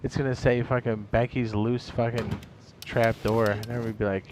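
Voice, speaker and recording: Casual male streamer, mid pitch, tired, profane and rambling, noisy game audio behind. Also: level tone, fairly quick, few pauses. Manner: rambling, profane, laughs at his own jokes.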